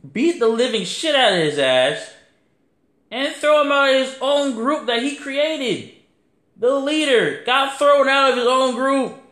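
A man hosting a podcast, talking in a casual, rambling monologue that is animated and full of swearing. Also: sits high. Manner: animated, profane, rambling, acts out quotes. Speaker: podcast host. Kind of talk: casual wrestling review monologue. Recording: echoey room.

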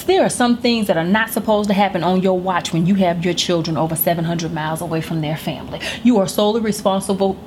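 A woman's voice: on the low side, fast, hardly any pauses, darkish tone, a little hiss or hum. A middle-aged woman hosting a podcast, telling a comedic story in a blunt, emphatic and heavily profane way. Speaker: podcast host. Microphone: studio microphone.

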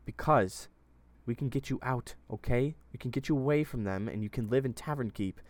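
A man voicing a stern young man who is urgent and reassuring at times and low and intimidating at others, in a read story. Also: normal speed, a little mellow, no room sound, natural voice. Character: stern young man, protective then menacing.

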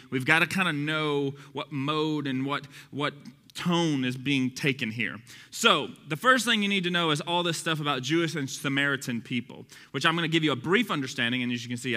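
Male Bible teacher, casual and chatty, bright cutting voice, reverberant hall sound. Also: on the high side. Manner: conversational, chatty, with restarts and asides. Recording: long reverb of a large hall.

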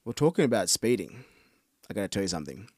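A man's voice: on the low side, sing-song, quick pace, darkish tone, husky, dry recording, studio quality. An Australian man co-hosting a podcast, chatting casually with a self-deprecating, joking manner. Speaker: podcast co-host. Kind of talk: casual chat.

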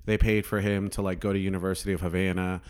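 A young man with a low, smooth and resonant voice tells a long story in loose, casual chat. He rambles and swears freely as he goes. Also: flat delivery, quick pace, a little mellow.

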